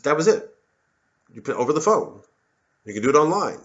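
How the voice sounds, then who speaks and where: A man's voice: a little high, sing-song, a little fast, lo-fi sound. A man, a satirist, delivering a rambling, sardonic monologue full of swearing. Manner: sardonic, swearing, mocks others in put-on voices. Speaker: comedian and satirist.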